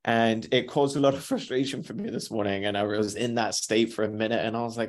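A man's voice: mid-range voice, steady tone, fast talker, darkish tone. Upbeat man hosting a motivational podcast. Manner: upbeat, repeats greetings, self-talk asides. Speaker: podcast host. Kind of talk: live motivational podcast chat.

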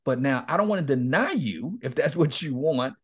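Here a middle-aged guest speaker who leads a men's ministry gives a podcast interview full of candid, animated stories. At a normal speed and an average pitch for a man, his slightly rough voice breaks into frequent laughter as he acts out quoted dialogue from both sides.

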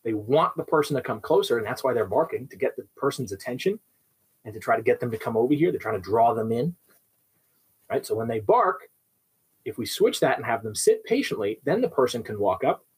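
A man's voice: mid-range voice, animated, a little fast, slightly rough, low-quality recording. A young adult man who trains dogs, explaining with everyday examples and often checking in with "right?". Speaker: dog trainer. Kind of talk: instructional talk.

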